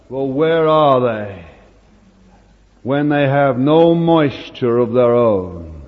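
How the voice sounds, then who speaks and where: Brief: older man preaching slowly, hushed then emphatic, recorded dull in a reverberant hall. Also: mid-range voice, animated. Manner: storytelling, swings between hushed asides and emphatic lines. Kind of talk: sermon.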